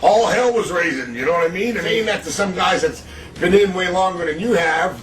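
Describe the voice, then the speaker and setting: A man talking casually in an interview, halting and full of fillers. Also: sits high, fairly bright tone, a little hiss or hum. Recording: echoey room, distant mic.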